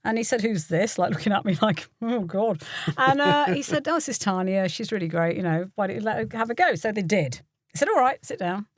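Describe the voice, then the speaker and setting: A woman's voice: mid-range voice, animated, brisk, dry recording, studio quality. An older woman from the UK, a voiceover artist and coach, telling stories casually in an interview. She acts out the people she quotes and laughs often.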